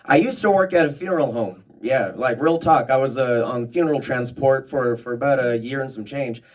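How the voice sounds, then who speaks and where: Man, stand-up comedian, from New Mexico, rambling delivery, lots of ums, mid-pitched, distant mic. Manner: rambling, halting with many ums. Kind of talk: stand-up set.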